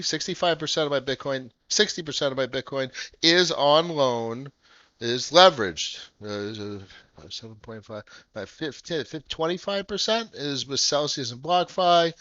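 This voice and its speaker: A man in his thirties hosting a casual crypto livestream, brash, profane and excitable. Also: a little high, no room sound, muffled recording. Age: 30s.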